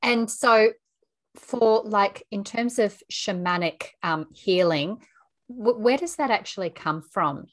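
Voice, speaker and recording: A woman's voice: mid-range voice, slow, fairly bright tone. A woman host asking questions and reacting with encouraging interjections. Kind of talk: casual interview chat.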